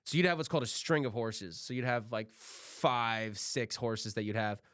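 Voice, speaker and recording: A man's voice: mid-range voice, moderate pace, fairly bright tone, no echo, clean studio sound. A young man co-hosting a podcast, telling stories in a laid-back, profane, casual way. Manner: laid-back, swears freely. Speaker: podcast co-host.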